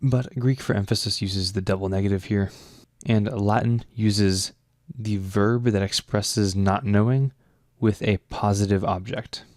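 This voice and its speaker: A man teaching a Latin lesson, reading a verse slowly and then explaining its grammar in a measured, scripted way. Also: on the low side, steady tone, darkish tone, no room sound, clean studio sound.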